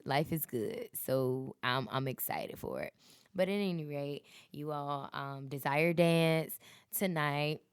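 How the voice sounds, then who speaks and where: Woman podcast host, 30s, low and smooth, blunt profane rants and pep talk. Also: takes it slowly, no room sound, clean studio sound. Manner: profane, blunt, preachy and motivational. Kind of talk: casual solo podcast rant.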